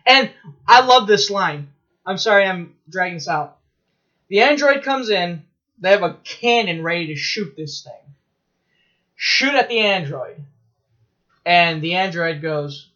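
A man in casual chat as a podcast co-host, telling stories in an excitable, rambling way with swearing and laughs. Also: high voice, a little slow, pauses often, dull audio.

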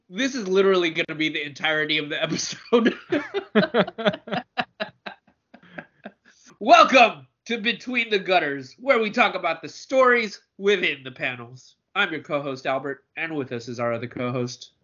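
Chill joking podcast guy, bright kinda forceful voice, a bit lo-fi. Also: high-pitched, lively intonation, normal speed. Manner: laid-back, jokey, rambling. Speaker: podcast co-host. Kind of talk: casual podcast chat.

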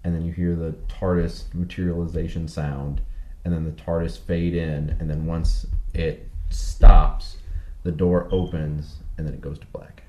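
A man's voice: deep voice, flat delivery, unhurried, dark tone. A man co-hosting a podcast in casual chat, rambling and repeating himself. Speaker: podcast co-host. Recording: roomy echo.

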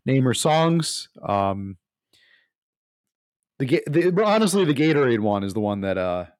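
Halting podcast co-host, dry sound. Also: male voice, medium pitch, big pitch swings, no room sound. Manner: rambling, halting restarts. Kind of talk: casual chat.

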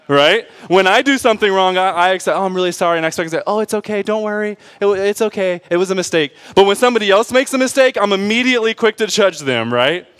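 Male pastor, fairly high voice, casual preaching style, jokes, constant "right?" check-ins. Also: fairly bright tone. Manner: keeps asking the congregation "right?" and "okay?"; informal and joking, with asides to the congregation. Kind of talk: conversational sermon.

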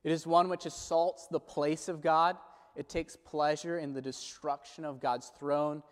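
Guy preaching a sermon, kinda high voice, slow and earnest, big echoey church hall. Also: little pitch movement. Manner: measured, earnest preaching with slow quoted prayers. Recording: long hall reverb.

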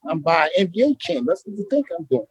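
New man, high voice, dry booth sound, rambling slangy guest. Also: a little fast, breathy edge, no echo. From Brooklyn, New York. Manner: animated, slangy, rambling street talk. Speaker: interview guest, former street basketball player. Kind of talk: casual storytelling interview.

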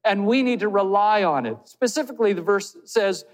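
A man's voice: sits high, lively intonation, moderate pace. A man preaching a sermon as pastor. He speaks earnestly and puts direct questions to his listeners. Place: church hall. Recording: long hall reverb.

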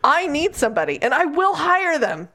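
Frank woman podcast co-host, slightly high voice. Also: very animated, pushed and bright. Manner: frank and emphatic, quick asides. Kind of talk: casual book discussion.

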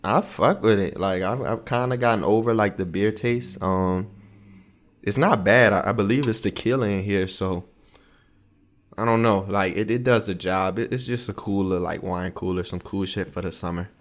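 Young male co-host, low-ish voice, relaxed slangy banter. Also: moderate pace. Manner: laid-back slangy banter, frequent fillers. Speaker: podcast co-host. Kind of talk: casual podcast chat.

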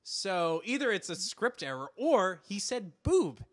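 A man's voice: sits high, a little slow. A man co-hosting a podcast, chatting casually about a TV episode and animatedly acting out characters' lines. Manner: animated, acts out lines in quoted voices. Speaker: podcast co-host. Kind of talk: casual chat recapping a TV episode.

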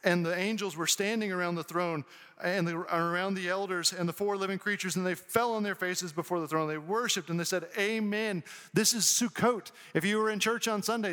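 A man's voice: high voice, a bit bright. Earnest male preacher in a reverberant hall. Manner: earnest, preaching with rising emphasis. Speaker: pastor. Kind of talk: sermon.

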